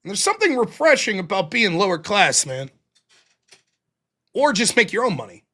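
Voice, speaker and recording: A very animated American man in his 40s hosts a show, his high, bright voice carrying a forceful tone at a moderate pace. His casual monologue is packed with rowdy, profane stories, and he plays out the voices of the people he quotes.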